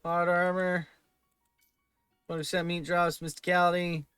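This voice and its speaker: A man's voice: high voice, flat delivery, moderate pace, fairly bright tone, clean tone, no echo, faint music behind. A man giving let's play commentary, thinking aloud and muttering through item lists. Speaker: gaming video host.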